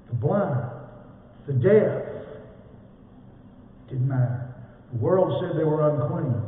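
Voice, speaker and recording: A pastor preaching in a big echoing church hall, heard from across the room. The sound is thin and phone-like, with faint ambience behind him. He tells folksy stories, rising loud and falling to a hush. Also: on the high side. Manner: folksy storytelling, swelling then dropping to a hush. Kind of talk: sermon. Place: church sanctuary. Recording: echoey hall from far off, tinny phone-like sound.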